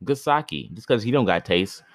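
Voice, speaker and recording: Brief: low-pitched male host, casual slangy storyteller, jokes and stumbles, dry close sound. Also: big pitch swings, normal speed, no room sound. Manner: slangy, joking asides, stumbles over names. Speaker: podcast host reading myths. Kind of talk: myth reading with casual commentary.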